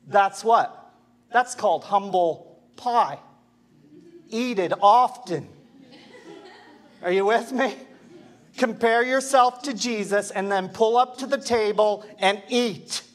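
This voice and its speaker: A man's voice: high voice, takes it slowly, pauses often. A male pastor giving an impassioned sermon, asking the congregation rhetorical questions. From Canada.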